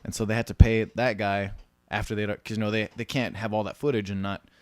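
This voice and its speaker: A man's voice: fairly low pitch, flat delivery, brisk, dry recording. A man casually telling film-business stories, slipping into mimicked voices for the people he quotes. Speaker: podcast co-host.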